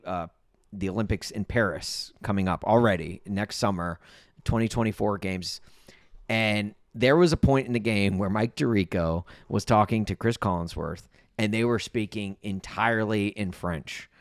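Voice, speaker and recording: A man's voice: lowish voice, clear, resonant tone, no echo, clean studio sound. A man co-hosting a comedy podcast who tells stories with animation and laughs often. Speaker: podcast co-host. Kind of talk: casual comedic podcast chat.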